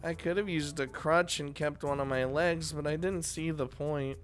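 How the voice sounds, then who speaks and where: A man voicing a sporty young woman who talks in a rushed, breathless, pleading way. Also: on the high side, steady tone, soft background music, voice pushed up, lightly acted. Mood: glum. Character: sporty young woman runner, cheerful but upset.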